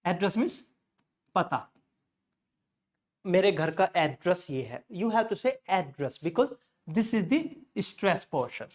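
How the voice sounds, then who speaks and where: Teacher explaining stress rules. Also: male voice, high voice, animated, brisk, pauses often. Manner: explains step by step with Hindi glosses, self-corrects. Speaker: English teacher. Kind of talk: classroom lesson.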